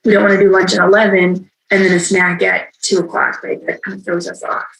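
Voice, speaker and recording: A woman's voice: mid-range voice, little pitch movement, a little fast, creaky, a bit bright, rough recording. A woman giving a virtual training to caregivers in a conversational way, often checking in with "right?". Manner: conversational, frequent tag "right?". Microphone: video call.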